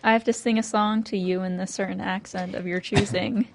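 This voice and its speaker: A young woman in a mid-range voice chats easily as a podcast co-host. She is relaxed and talkative and often murmurs in agreement while others speak. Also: medium pitch, fairly quick, creaky. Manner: relaxed, chatty, frequent affirming murmurs. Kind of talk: casual chat.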